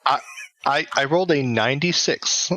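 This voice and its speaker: Goofy, bright-voiced man at a tabletop game. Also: medium pitch, moderate pace. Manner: goofy, giggly, joking. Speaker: player. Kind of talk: casual tabletop game chat.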